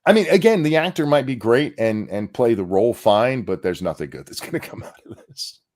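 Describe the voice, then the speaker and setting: A man's voice: mid-range voice, expressive, fairly quick, darkish tone. A man co-hosting a podcast in casual chat, sardonic and profane, with frequent sighs. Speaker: podcast co-host.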